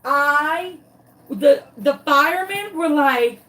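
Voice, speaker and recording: A woman tells a dramatic story while she demonstrates a craft. Her voice sits a little high and her pace is unhurried. She is recorded a bit away from the mic. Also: lively intonation, a bit bright, far from the mic, low-quality recording. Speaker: crafting vlogger.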